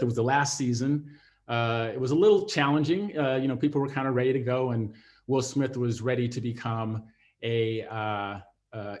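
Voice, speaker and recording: A middle-aged man, a TV writer, telling a personal story with many fillers and restarts. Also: mid-range voice. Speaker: TV writer and former network executive.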